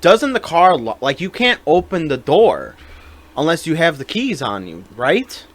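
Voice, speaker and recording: A man's voice: a little high, very animated, measured pace. A man co-hosting a casual podcast, rambling through stories and acting out what people said. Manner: rambling storyteller, acts out quoted lines, many "like"s. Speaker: podcast co-host. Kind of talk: casual chat.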